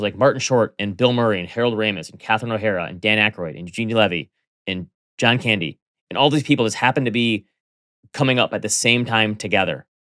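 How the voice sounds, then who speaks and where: A lower-voiced man co-hosting a podcast speaks in an easygoing, chatty way. He gets enthusiastic when he talks about his favorites. The sound is dry and close on the mic. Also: fairly bright tone, dry recording. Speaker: podcast co-host. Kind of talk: casual podcast chat.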